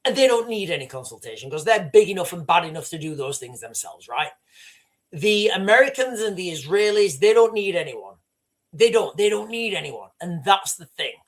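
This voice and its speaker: A northern English man hosting a livestream, giving fast, rambling political commentary with many restarts. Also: high voice, sing-song. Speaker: livestream host.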